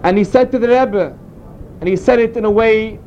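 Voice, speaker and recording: Very high-voiced man teaching. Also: normal speed, muffled recording, a little hiss or hum. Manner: earnest, explanatory storytelling. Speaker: Torah teacher. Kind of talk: informal Torah class.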